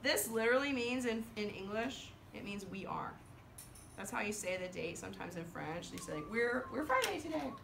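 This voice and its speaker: A woman French teacher leading her class, counting down and reading aloud slowly in chorus with the students, then explaining in a brisk, lively way. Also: medium pitch, vocal fry, a little hiss or hum. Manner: animated, leads choral reading with slow drawn-out words and countdowns. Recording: echoey classroom from far off.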